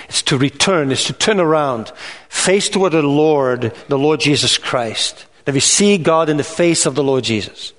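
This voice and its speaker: A man preaching a sermon in an earnest, measured way, rising in pitch on emphatic lists. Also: fairly bright tone. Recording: reverberant hall sound.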